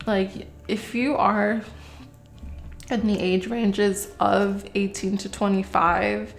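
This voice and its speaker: A woman's voice: medium pitch, vocal fry. A woman giving a casual tarot reading to camera, rambling and chatty, with many fillers, and swearing when she gets worked up. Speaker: tarot reader.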